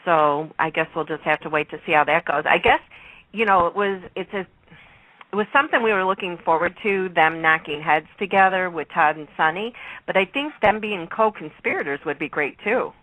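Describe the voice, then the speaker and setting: Middle-aged female co-host, bright timbre, chatty storyteller, dry close sound. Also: lowish voice, a little fast, no room sound, poor audio. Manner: chatty storyteller, laughs often. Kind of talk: casual chat.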